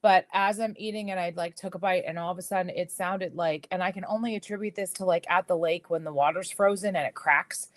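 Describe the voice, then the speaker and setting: A woman's voice: fairly low pitch, fairly quick, hardly any pauses. Chatty middle-aged woman with a slight whistle. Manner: chatty, animated storytelling with frequent fillers and repeats. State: slight whistle from a missing tooth. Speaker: jewelry seller hosting a live stream. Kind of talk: casual live-stream chat.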